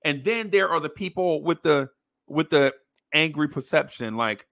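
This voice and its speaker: Man, podcast host, blunt slangy rant, mocking tone, bright edgy voice, slightly high pitch. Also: expressive, normal speed, vocal fry, no echo, clean studio sound. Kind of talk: opinion rant to camera.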